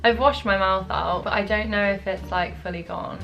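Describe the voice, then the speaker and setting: A young woman vlogging casually to camera from home, chatty, excitable and self-mocking. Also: medium pitch, normal speed, creaky, hardly any pauses. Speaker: beauty vlogger. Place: at home during lockdown.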